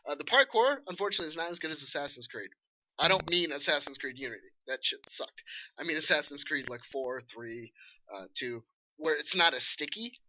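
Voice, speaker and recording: A man casually reviewing a video game with a co-host, animated, laughing and swearing as he talks. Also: a little high, brisk, slight background noise, rough recording. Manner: animated, swearing, laughing, acts out enemy shouts.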